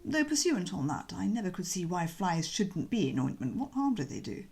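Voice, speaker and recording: A woman voicing a cheerful young gentleman, breezy and chatty, in a bouncy, slangy audiobook reading. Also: fairly low pitch, big pitch swings, normal speed, gravelly, husky, exaggerated voice.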